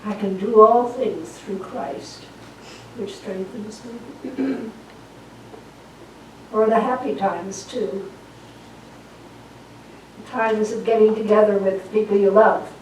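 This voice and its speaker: A woman minister preaching and leading spoken affirmations in a church. She talks slowly and deliberately and repeats key phrases for emphasis. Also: mid-range voice, steady tone, slight background noise. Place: church sanctuary. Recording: echoey room, voice from far off the mic.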